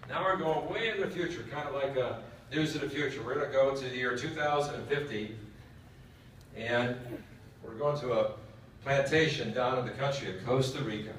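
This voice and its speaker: A man's voice: medium pitch, moderate pace, a bit bright, a little hiss or hum. A man speaking at a military education session, telling a long joke in a folksy way and quizzing the audience. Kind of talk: storytelling lecture. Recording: echoey hall from far off.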